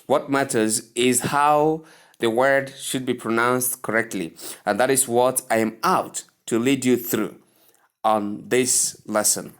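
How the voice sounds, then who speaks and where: A man with a Nigerian English accent teaching English pronunciation, repeating each word slowly and deliberately. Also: medium pitch, steady tone. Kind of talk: slow instructional lesson.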